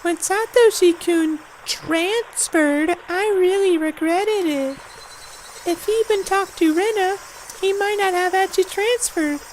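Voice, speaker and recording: A woman's voice: very high voice, slow pace, slight background noise, low-quality recording. A woman voicing an eerie teenage girl who stalks a frightened boy, in a sweet, sing-song and menacing way. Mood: creepy sweet. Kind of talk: fan voice acting of a game.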